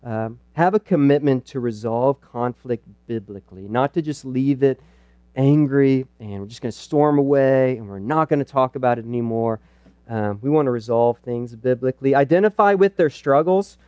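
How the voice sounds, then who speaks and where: A man's voice: mid-range voice, moderate pace, darkish tone, no echo, muffled recording. A middle-aged man teaching at a church parenting night, earnest and conversational with playful asides. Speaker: pastor speaking at a parenting night.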